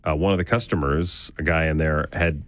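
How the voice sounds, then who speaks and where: Deep-voiced man telling a story. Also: fairly even intonation, a little fast, no room sound. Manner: storytelling, laughing easily. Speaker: radio co-host. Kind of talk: casual morning radio chat.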